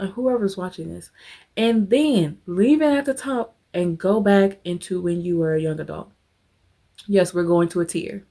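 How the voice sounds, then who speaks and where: A woman's voice: mid-range voice, a little mellow. A woman hosting a motivational talk, speaking emphatically in a preacher-like way, calling listeners honey and y'all and guiding them through a visualization. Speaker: host.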